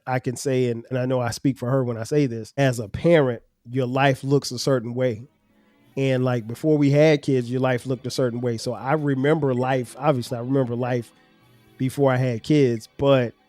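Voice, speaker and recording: This is a mellow, mid-range male voice belonging to a middle-aged podcaster who sincerely reflects on parenting his children. His storytelling includes acted examples, and he keeps restarting mid-thought throughout the family conversation.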